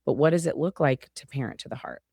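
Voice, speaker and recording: A woman's voice: extremely low pitch, fast talker, gravelly, dark tone, husky, dry recording, studio quality. A woman hosting a podcast, asking open, curious questions in a casual interview. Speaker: podcast host.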